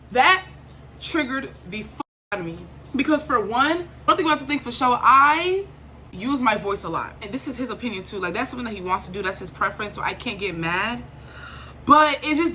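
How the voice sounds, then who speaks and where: A young woman from Liberia telling a storytime vlog in a casual, animated way, acting out quoted lines and swinging between irritation and laughter. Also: on the high side, a little hiss or hum. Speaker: vlogger.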